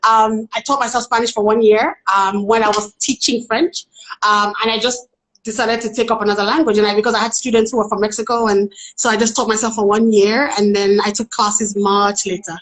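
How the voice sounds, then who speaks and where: A woman's voice: fairly high pitch, steady tone, brisk, fairly bright tone, low-quality recording. A young woman chatting playfully on a live phone stream. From Nigeria. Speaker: guest, actress. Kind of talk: casual live chat.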